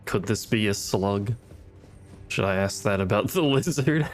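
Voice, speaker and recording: A man's voice: lowish voice, expressive, a little slow, soft background music. A man giving casual, wry commentary as he plays a game, muttering and swearing at enemies. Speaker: gaming streamer.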